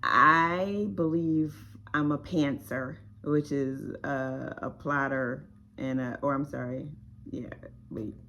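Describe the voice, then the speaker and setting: A woman's voice: rumbling low, steady tone, slow, bright, forceful tone, dull audio, slight background noise. A woman author unboxing her own book in a casual vlog, chatty and emotional with frequent exclamations.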